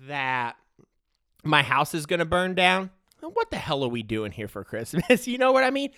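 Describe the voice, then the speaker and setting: A man's voice: fairly high pitch, bright, forceful tone, dry recording. A man hosting a solo podcast, rambling in a joking, self-mocking way. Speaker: podcast host. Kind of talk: solo comedic podcast rant. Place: home studio.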